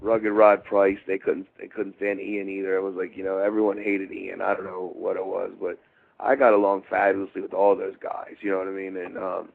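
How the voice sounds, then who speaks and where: This ex-wrestler, a middle-aged man from Baltimore, USA, talks a little fast in a low, gravelly voice with little pitch movement. His shoot-interview storytelling meanders, riddled with fillers and false starts, and it's heard over a phone-like interview line.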